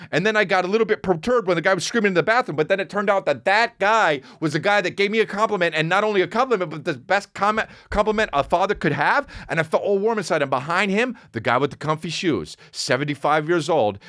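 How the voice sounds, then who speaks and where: A man in his forties hosting a podcast, telling a rambling, profane story and jumping into high voices for quotes. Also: expressive, fast, few pauses, fairly bright tone, no echo, clean studio sound. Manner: rambling and profane, acts out quotes with big pitch jumps. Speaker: podcast host. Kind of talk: casual monologue.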